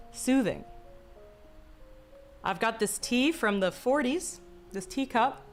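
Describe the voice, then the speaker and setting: A young woman streaming, speaking in a slow, deliberately calm, mock-soothing way with a touch of vocal fry, joking with chat. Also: a little high. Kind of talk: casual live-stream chat. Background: faint background music.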